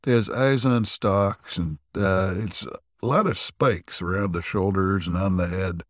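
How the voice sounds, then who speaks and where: A man with a low voice hosts a casual podcast recap. He rambles through the plot with plenty of fillers and throat clearing. The sound is close and dry, with no room around it. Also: fairly even intonation, unhurried, no echo. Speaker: podcast co-host.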